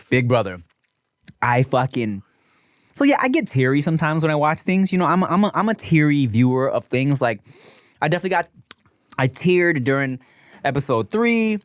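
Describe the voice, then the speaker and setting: A man chatting on a podcast, his pitch jumping around as he tells stories and acts out what people said. He swears freely and talks in a loose, casual way. The sound is dry and close. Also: no room sound. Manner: animated storytelling, swears a lot, acts out quotes. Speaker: podcast co-host. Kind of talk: casual chat.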